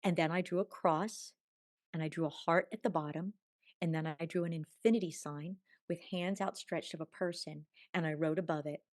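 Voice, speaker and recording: A woman guest telling a personal spiritual story in long, tumbling sentences, swinging from hushed murmurs to bright exclamations. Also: low voice, steady tone, moderate pace, no echo, clean studio sound. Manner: chatty, tumbling run-on sentences. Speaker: podcast guest.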